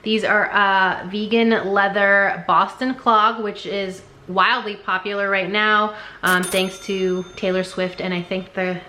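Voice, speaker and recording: A woman talks through her thrift haul in a casual, chatty way, with lots of fillers. Her voice is bright and clear, and it rings a little in an echoey room. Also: medium pitch, fairly even intonation, slow pace, a little hiss or hum. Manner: chatty, many um fillers, unsure of brand names. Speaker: thrift reseller showing a haul.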